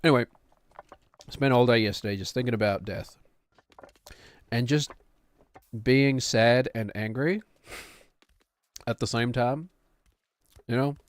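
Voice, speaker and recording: A man's voice: medium pitch, takes it slowly, pauses often, no room sound. A man streaming a game, chatting in a rambling, self-deprecating way. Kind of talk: casual chat while gaming.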